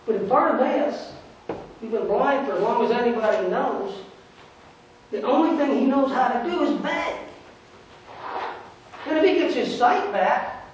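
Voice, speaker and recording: Male pastor doing a sneering merchant in a sermon monologue, very high-pitched, sarcastic, echoey church from far off, faint hiss. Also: animated, moderate pace, pauses often. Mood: reflective. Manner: sarcastic, dismissive storytelling. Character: scornful male merchant at the roadside, grumbling about beggars. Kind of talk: first-person dramatic sermon monologue. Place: church sanctuary. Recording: echoey church from a distant mic.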